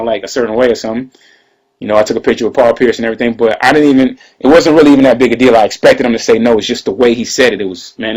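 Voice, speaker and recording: A man's voice: medium pitch, husky, rough recording. A man, casually telling a personal story, loose and conversational, often tossing in "you know what I'm saying.".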